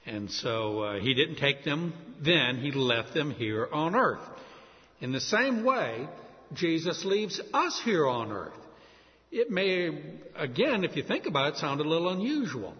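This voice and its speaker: A man delivers an expository sermon, walking through scripture with friendly, conversational asides. His voice sits a bit high and moves animatedly up and down. The sound is dull and lo-fi, with a long reverb trailing off as if in a large hall. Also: sing-song, measured pace. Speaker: preacher.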